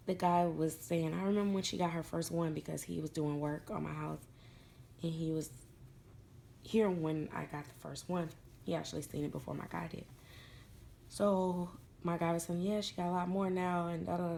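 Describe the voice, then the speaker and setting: Gravelly-voiced woman telling a doll story. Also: deep voice, a little mellow, a little hiss or hum. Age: middle-aged. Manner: chatty, laughs while telling a story, acts out others' voices. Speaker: doll collector vlogger. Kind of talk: casual storytelling to camera.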